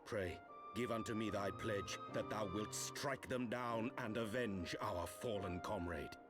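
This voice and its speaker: A man's voice: lowish voice, a little slow, close to an everyday voice. A man playing a solemn archaic-speaking scholar. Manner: formal, archaic phrasing. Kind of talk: voiced game cutscene. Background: game music.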